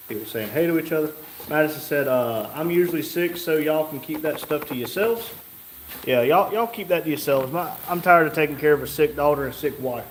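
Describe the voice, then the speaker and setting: A man with a slightly high voice hosts a live stream, reading viewers' comments and tossing in dry, joking remarks. He sounds like he's in a roomy, echoey garage, with a faint hiss of noise underneath. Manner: joking, wry asides while reading comments aloud. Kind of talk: casual live-stream chat.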